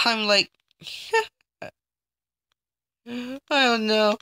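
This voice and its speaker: A woman giving excited let's play commentary, full of exclamations and laughter, recorded on a phone. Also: very slow, pauses often, clear, resonant tone, dry recording. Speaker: gaming channel host. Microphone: phone microphone. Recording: noisy, low-quality phone recording.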